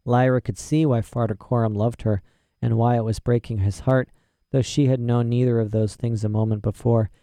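Man reading a story aloud, really dark mellow voice, dry close sound. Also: mid-range voice, little pitch movement, moderate pace, dry recording. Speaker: audiobook narrator. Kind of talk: storybook narration.

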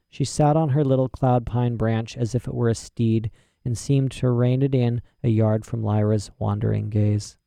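A man narrating a storybook in a steady, expressive reading. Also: mid-range voice, clear, resonant tone, no room sound, clean studio sound. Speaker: audiobook narrator.

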